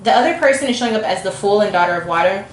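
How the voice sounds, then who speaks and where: A woman's voice: mid-range voice, animated, racing. Chatty woman reading tarot in an echoey room. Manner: chatty and informal, acts out the viewer's thoughts. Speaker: tarot reader. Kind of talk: casual tarot reading to camera. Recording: echoey room, faint background noise.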